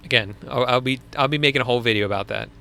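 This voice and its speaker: Speaking very fast in a mid-range voice that's creaky, bright, forceful and smooth, this young man from Long Island, New York runs a loose live Q&A stream. He answers viewer questions chattily, laughing easily and often starting over.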